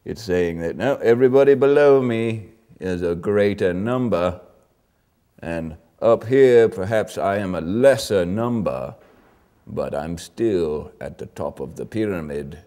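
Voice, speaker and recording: A man's voice: low voice, lively intonation, a little slow, mellow. A man playing a pompous old British sergeant. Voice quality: pompous, rambling, bluffing. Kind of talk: improvised mock interview.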